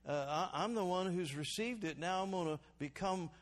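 Preaching at a moderate pace in a voice that sits high, this pastor urges his congregation to respond. He moves back and forth between loud exhortation and quiet, reflective moments.

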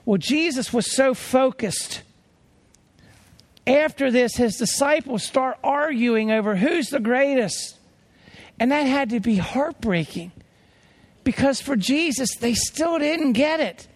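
A man's voice: extremely high pitch, expressive, takes it slowly. A man preaching a sermon as a traveling preacher, earnest and emphatic as he tells stories.

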